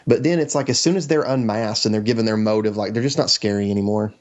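A man co-hosting a casual podcast chat, relaxed, often saying "you know" and "like". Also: lowish voice, fast talker, muffled recording. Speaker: podcast co-host.

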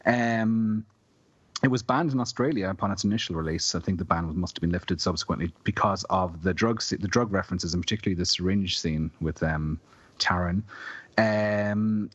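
A man in his forties co-hosting a film podcast, with a low, husky voice. He is wry and reads trivia notes aloud. The sound is dry and a little muffled. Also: dry recording. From Ireland. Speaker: podcast co-host. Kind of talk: casual film podcast chat.

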